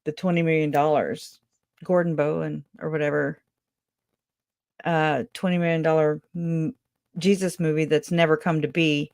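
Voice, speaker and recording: A woman's voice: low-pitched, flat delivery, moderate pace, gravelly, a little mellow, no room sound. A woman hosting a call-in show, chatting casually, rambling and laughing often, trailing off mid-thought. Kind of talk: casual chat. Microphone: video call.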